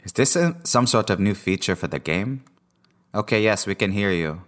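A man's voice: lowish voice, animated, moderate pace, fairly bright tone. A man playing a tabletop game in a playful way, laughing often. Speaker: player. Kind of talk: casual tabletop game play.

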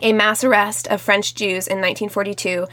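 A woman co-hosting a podcast in casual chat, talking with vocal fry in a Valley Girl manner. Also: medium pitch, flat delivery, a little fast, pushed and bright. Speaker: podcast co-host. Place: Los Angeles.

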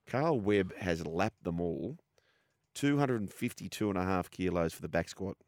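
Australian man hosting sports radio, low voice. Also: animated, moderate pace, a little mellow, dry recording, studio quality. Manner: chatty, reads ad copy between banter. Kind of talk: casual sports radio chat.

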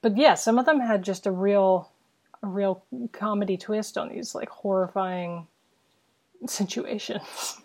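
A woman hosting a relaxed podcast conversation, firing off quick, upbeat questions. Her voice sits at a middle pitch, and her speech is loose and conversational. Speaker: podcast host. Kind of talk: casual interview chat.

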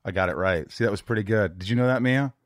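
A man's voice: on the low side, fast, no echo, studio quality. A man hosting a podcast, chatting casually in a rambling, jokey way and a little out of breath. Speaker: podcast host. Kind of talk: casual interview chat.

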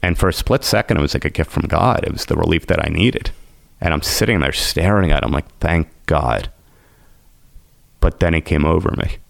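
A man's voice: extremely low pitch, vocal fry, fairly bright tone, no room sound. A man, a podcast guest, telling his recovery story in an emotional, intense way.

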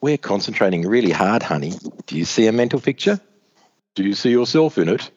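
A man voicing menacing prison inmates who taunt in a sneering, slow manner. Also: fairly low pitch, big pitch swings, darkish tone. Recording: dull lo-fi recording.

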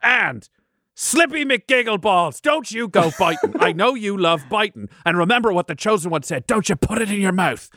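A man's voice: sits high, expressive, normal speed, pushed and bright, dry recording, clean studio sound, pitched above the performer's own voice, exaggerated voice. A man voicing a commanding female leader of the were-folk, giving a bossy rallying speech. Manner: rallying, bossy pep talk.

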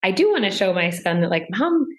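A woman's voice: medium pitch, very animated, fairly quick. A young woman chatting casually as a podcast guest, leaning on lots of filler "like"s. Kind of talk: casual interview chat.

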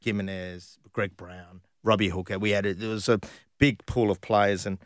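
A man with an Australian accent recounts his football days in a relaxed, chatty way, full of "um"s, restarts and animated asides. His voice sits low and the sound is dry and close, with no room behind it. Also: moderate pace, no room sound. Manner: animated anecdotes with many fillers and restarts. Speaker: guest, former professional footballer. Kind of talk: casual storytelling interview.

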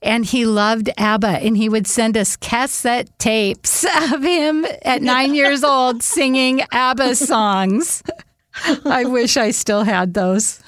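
Woman, podcast co-host, casual chat, smooth clear voice, slightly high, dry sound. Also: steady tone, takes it slowly, fairly bright tone, no room sound.

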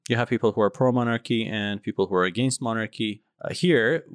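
A man co-hosting a podcast, chatting casually with wry, deadpan sarcasm. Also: fairly low pitch, fairly quick, no room sound, studio quality. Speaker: podcast co-host. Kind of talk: casual chat.

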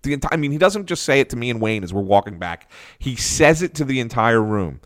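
A man co-hosting a podcast, telling a long anecdote in a casual, animated way with frequent restarts. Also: mid-range voice, fast talker, no echo, studio quality. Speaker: podcast co-host. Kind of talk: casual storytelling chat.

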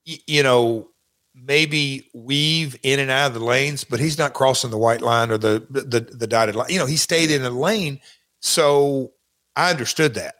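A man's voice: mid-range voice, a bit bright. A man speaking as an interview guest, talking casually and rambling with many restarts. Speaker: guest recalling his wrestling career.

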